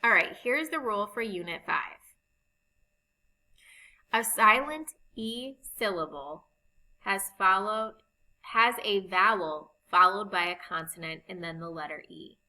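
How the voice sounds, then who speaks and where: Woman teacher going over phonics rules, bright clear voice, slow and patient. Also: medium pitch, rough recording. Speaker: reading teacher. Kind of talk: recorded phonics lesson.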